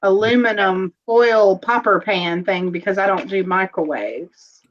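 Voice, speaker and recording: A woman talks her way through a live jewelry sale, chatty and unhurried, describing each piece in detail and dropping in the odd filler. Her voice sits at an ordinary pitch. The stream audio is dull and lo-fi. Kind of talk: casual live-stream selling chat.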